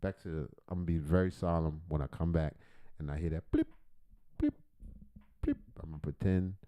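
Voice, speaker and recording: Rumbling low and fairly even in intonation, this fast talker hosts a livestream where he reacts to videos. He rambles, jokes, and swears, his volume swinging loudly up and down.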